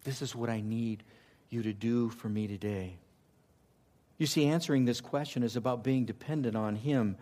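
A man preaching a sermon, swinging from loud emphatic lines to hushed, intimate ones. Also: medium pitch. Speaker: pastor.

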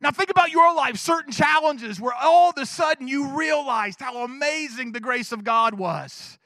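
High-voiced, bright male preacher. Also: normal speed, no echo, studio quality. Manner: animated, swings between loud urging and hushed asides. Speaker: pastor. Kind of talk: sermon. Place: church.

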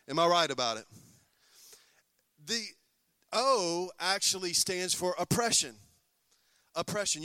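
A man's voice: sits high, bright, forceful tone, dry recording. A man preaching a sermon as pastor, often asking the congregation call-and-response questions.

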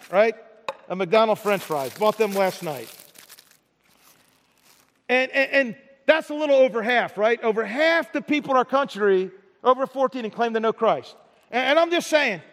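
High-voiced man preaching in a hall. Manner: conversational preaching with repetitions and tag questions. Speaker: pastor. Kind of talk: sermon. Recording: large hall reverb.

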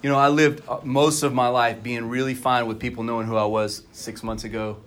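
A man's voice: mid-range voice, little pitch movement, a little fast, fairly bright tone. A man preaching a sermon as pastor at a church service, talking candidly and conversationally to the congregation.

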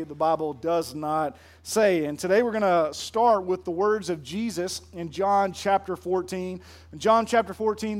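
High-voiced pastor quizzing his congregation. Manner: conversational, quizzes the audience with questions. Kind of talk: sermon.

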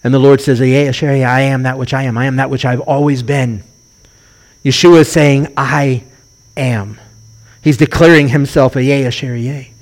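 A man's voice: medium pitch, moderate pace. A middle-aged man, a rabbi, preaching a sermon and telling stories, acting out the voices he quotes. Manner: animated storytelling, acts out quoted voices.

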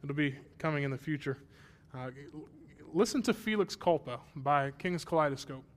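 A pastor in his thirties delivers a sermon with a personal story, starting self-deprecating and conversational before rising to emphatic praise. His voice is on the high side and animated, at normal speed.

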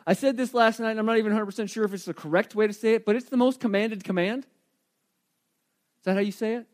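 A middle-aged man delivers a sermon in a strikingly high voice. He preaches with animation, often turning to ask the congregation questions directly. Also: fairly quick. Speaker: pastor.

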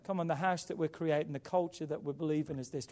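A man preaching a sermon as pastor, with emphatic rises and quiet drops. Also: on the high side, fairly even intonation, fast.

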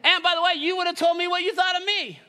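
A male pastor preaching a sermon, animated and joking, with sarcastic asides, reading scripture aloud and leading the congregation. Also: very high voice, quick pace.

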